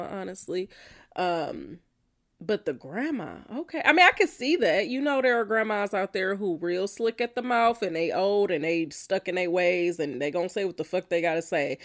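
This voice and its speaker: A woman hosting a podcast, reacting bluntly and profanely to listener answers, often laughing. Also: medium pitch. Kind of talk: casual reaction chat.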